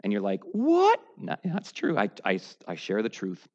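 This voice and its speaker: Male preacher, sermon, low quiet stretches, sudden loud high bursts, slightly dull lo-fi sound. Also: very animated, normal speed. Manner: swings from low, quiet musing to loud, high mocking outbursts. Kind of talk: verse-by-verse sermon.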